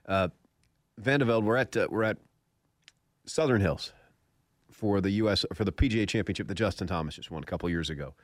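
This golf radio host speaks fairly quickly in a lowish voice, yet leaves long pauses. Scratchy-throated and jokey, he laughs frequently as he swaps stories in relaxed radio-studio chat, recorded at studio quality without room sound.

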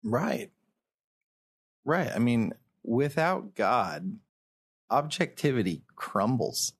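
A man's voice: mid-range voice, sing-song, slightly rough. Earnest man co-hosting a faith podcast. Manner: earnest, talks in quick bursts with restarts. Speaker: podcast co-host. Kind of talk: casual faith discussion. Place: indoors at a wood table.

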